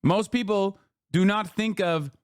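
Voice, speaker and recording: A man's voice: sits high, unhurried, smooth, dry recording, clean studio sound. A man giving casual, profane commentary on news clips, incredulous and sarcastic as he reacts. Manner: incredulous, sarcastic, swears often.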